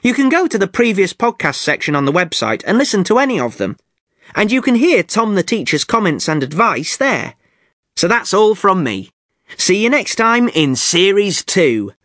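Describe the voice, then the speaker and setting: A man hosting a podcast for English learners in a clear, upbeat way. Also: high-pitched, very animated, normal speed, a bit bright, no echo, clean studio sound. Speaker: podcast host. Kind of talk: friendly learner podcast presenting.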